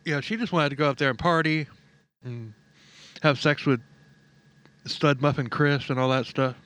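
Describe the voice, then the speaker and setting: A man's voice: fairly high pitch, moderate pace, fairly bright tone, dry recording. A man co-hosting a true-crime podcast, telling the story casually with jokes and sarcastic asides and laughing often. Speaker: podcast co-host.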